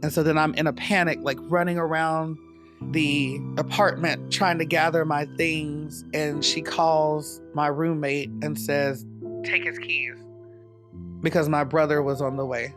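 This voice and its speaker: A man from North Carolina tells his story in a reflective, measured way for a documentary interview. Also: a little high, flat delivery. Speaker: dance company founder. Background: soft guitar music.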